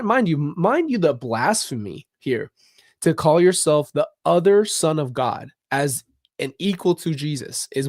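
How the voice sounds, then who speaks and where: A man's voice: fairly high pitch, a little mellow, dry recording, studio quality. A man hosting a casual commentary vlog, talking bluntly and emphatically with open frustration. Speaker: channel host.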